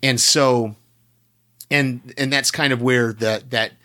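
American guy on a podcast, loose chatty review, keeps restarting his sentences, plain middle-pitched voice. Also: steady tone, slow, bright, forceful tone. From United States. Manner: rambling, with many restarts and hedges. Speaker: podcast co-host. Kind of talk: casual chat reviewing a show.

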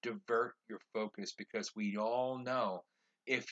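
A man's voice: on the low side, steady tone, unhurried, a bit bright, muffled recording. A man hosting his own podcast, delivering a fired-up social commentary rant that repeats phrases for emphasis. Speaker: podcast host.

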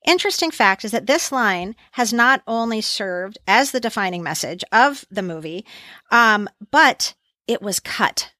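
A woman's voice: a little high, animated, normal speed, pushed and bright, dry recording, clean studio sound. A woman in her fifties co-hosting a podcast, chatting with enthusiasm and quoting lines. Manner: enthusiastic, quotes film lines in voices. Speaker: podcast co-host. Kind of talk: casual chat.

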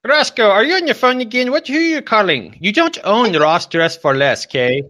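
A man's voice: high-pitched, expressive, normal speed, bright, forceful tone, no echo, studio quality, pitched above the performer's own voice. A man voicing a nagging mother who scolds her young son and grounds him. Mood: scolding.

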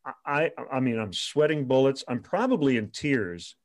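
A former radio sports reporter telling stories in an interview, animated and chuckling often. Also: male voice, mid-range voice, normal speed. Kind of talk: storytelling in an interview.

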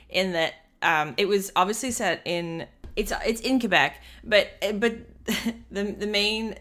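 A woman co-hosts a relaxed book discussion at a middling pitch. Her humor is dry, and she teases her co-host. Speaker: book club podcast co-host.

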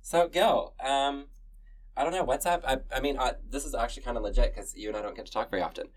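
A man's voice: medium pitch, fast talker, far from the mic, poor audio. A man co-hosting a podcast, chatting casually with camp and dramatic flair. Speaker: podcast co-host. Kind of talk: casual chat.

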